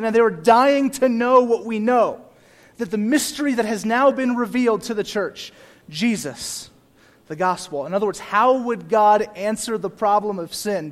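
A young man preaching a sermon with a fairly high voice. He drops to quiet, almost conversational asides, then builds to loud, emphatic repeated phrases for the congregation. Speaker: pastor.

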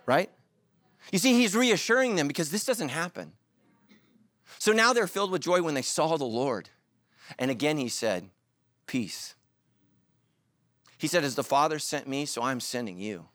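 The speaker is a middle-aged man, a pastor giving a sermon at normal speed in a slightly high voice, captured as a dry recording. His storytelling is animated, with jokes and quotes he acts out.

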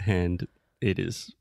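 A low-voiced man with a gravelly edge hosts a relaxed chat for English learners. He talks in a slow, deliberate way and stops to explain words and phrases. The sound is dry and close. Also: no room sound. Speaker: host teaching English.

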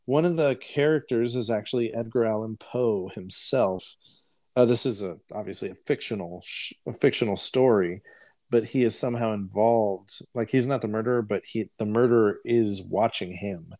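A man's voice: fairly low pitch, moderate pace, darkish tone, dry recording. A man co-hosting a podcast in casual chat, rambling and laughing easily. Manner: chatty, laughs often, rambles between film titles. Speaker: podcast co-host.

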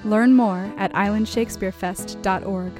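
A woman hosting a podcast, reading sponsor credits and introductions in a clear, measured manner. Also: mid-range voice, fairly even intonation, over music. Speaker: podcast host and artistic director. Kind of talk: scripted host announcements.

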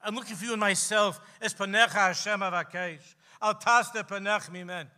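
A man, a rabbi preaching to a gathering, telling stories with passion and slowing down for emphasis. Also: fairly even intonation. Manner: impassioned storytelling, slows for emphasis, drops low and quiet at key lines. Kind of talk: sermon at a gathering. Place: live event hall.

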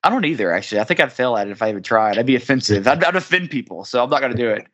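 Bright-voiced joking podcast host man. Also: medium pitch, expressive, very fast, highs cut off. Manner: playful, joking introductions. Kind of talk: casual podcast banter.

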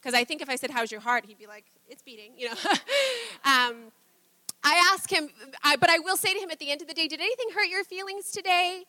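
A woman pastor, probably in her thirties, preaching a conversational sermon, chatty and quick to laugh, acting out little quoted exchanges. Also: very high-pitched, expressive, sharp tone, dry recording.

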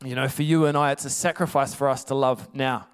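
A man's voice: mid-range voice, fairly even intonation, a little fast, clean tone. A man preaching a casual, conversational sermon, laughing often and tossing in rhetorical asides.

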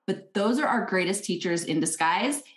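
A woman co-hosting a podcast in casual chat, animated and acting out little quoted thoughts. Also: medium pitch, moderate pace, reverberant. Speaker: podcast co-host.

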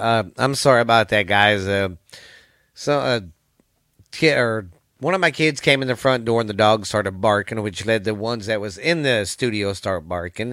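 A man's voice: fairly low pitch, fairly bright tone, no echo, studio quality. Profane, rambling Texan man podcasting. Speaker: podcast host. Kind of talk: casual solo podcast chat. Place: home studio. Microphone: studio mic, seen on camera.

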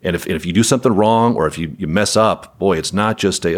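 A man who runs a property management company speaks as a guest in a podcast interview, his voice sitting low and brisk. He's candid and wry, chuckling as he talks.

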